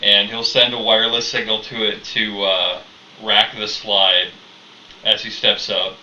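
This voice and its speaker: A man's voice: lowish voice, flat delivery, a little slow, bright, forceful tone, slight background noise. A man playing a tabletop game, stating his character's actions step by step. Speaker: player. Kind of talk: tabletop role-play. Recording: roomy, distant, lo-fi.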